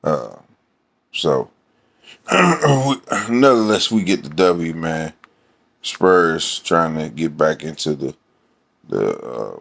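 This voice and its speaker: Gravelly, slow-talking man ranting. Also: rumbling low, a bit bright. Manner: rambling and profane, with many fillers. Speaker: sports fan vlogger. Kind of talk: casual fan rant.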